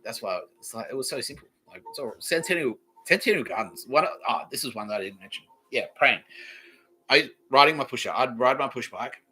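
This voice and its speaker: Lively, bright-voiced Australian man. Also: mid-range voice, husky, poor audio. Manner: profane, meandering, chuckling. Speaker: podcast host. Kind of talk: casual rambling monologue.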